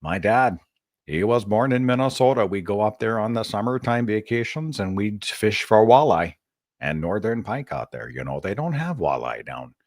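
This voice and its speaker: Okla guy hosting a call-in show, low voice that swings up and down, rambly and wry. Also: sing-song, normal speed, darkish tone, dry recording, studio quality. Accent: Oklahoma. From Oklahoma, USA. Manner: chatty, wry, rambling asides. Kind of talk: live call-in show monologue.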